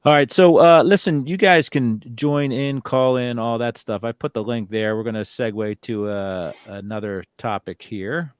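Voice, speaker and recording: A man's voice: medium pitch, steady tone, moderate pace, few pauses, clean tone, dry recording, clean studio sound. A man hosting a casual podcast about sports and collecting, hedging with fillers and tossing in rhetorical questions. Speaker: podcast host. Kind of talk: casual sports and hobby chat.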